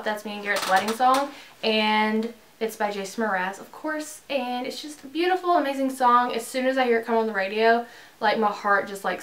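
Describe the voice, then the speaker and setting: Sitting in her bedroom, a young woman who makes beauty videos rambles cheerfully to camera for a tag video, sprinkling in lots of fillers. Her voice is medium-pitched and a bit bright.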